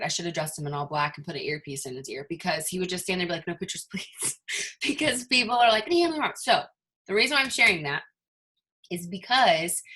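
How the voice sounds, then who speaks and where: A woman's voice: fairly low pitch, a bit bright, breathy edge. A woman leading her team in a chatty, motivational talk over a video call, full of rhetorical questions. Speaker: team leader.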